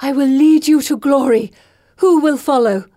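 A woman's voice: moderate pace, dark tone, close to an everyday voice. A woman voicing a possessed young girl who wails that she is chosen. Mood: exalted. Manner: high wailing cries. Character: possessed girl, wild and imperious.

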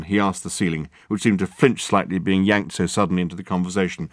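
A man narrating a novel in a measured, wry storytelling manner. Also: deep voice, fairly even intonation, dry recording, studio quality. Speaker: audiobook narrator. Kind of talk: scripted narration.

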